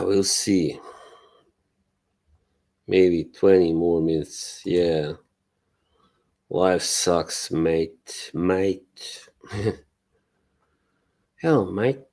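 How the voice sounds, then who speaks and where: A man's voice: sits low, warm tone. A man hosting a casual live stream, rambling loosely, swearing and laughing as he talks to his chat. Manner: greets and answers chat viewers. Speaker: livestream host.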